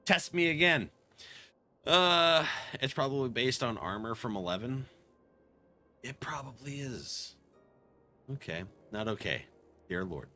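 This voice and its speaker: A man's voice: mid-range voice, animated, unhurried, long pauses, bright, forceful tone, faint music behind. A man streaming a game, chatting casually, joking, swearing and laughing often. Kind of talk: casual live-stream commentary.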